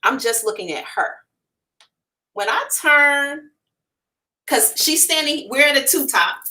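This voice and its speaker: A woman hosting a psychic livestream, telling a story to her viewers in a frank, animated way, swearing casually and addressing them directly. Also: high voice, unhurried, recorded from a distance, rough recording. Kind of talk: storytelling to a live audience.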